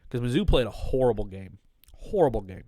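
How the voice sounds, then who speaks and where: A man's voice: medium pitch, big pitch swings, a little fast, dark tone, dry recording, studio quality. A man talking casually on a podcast, telling a heated, profane story and sounding a little tipsy. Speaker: podcast guest. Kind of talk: casual drunk podcast chat.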